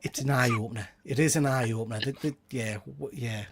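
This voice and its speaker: A man's voice: medium pitch, a little fast. A man with a Geordie accent hosting a casual live-stream chat, greeting viewers by name and laughing often. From Northeast England. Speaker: host.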